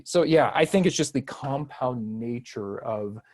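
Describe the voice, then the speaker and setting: A man in his thirties speaks as a podcast guest in a warm, mellow voice. He talks casually and wanders through his thoughts with self-deprecating humor, in a reflective way. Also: mid-range voice, moderate pace. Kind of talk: casual conversational interview.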